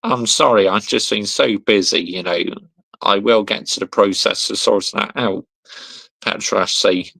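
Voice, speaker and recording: Young male streamer, slang-heavy, laughing, gravelly, unhurried delivery. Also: fairly low pitch, bright, forceful tone. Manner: laughs often, reads viewer comments aloud and replies with slang. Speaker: football livestream host reading chat. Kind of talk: casual livestream chat.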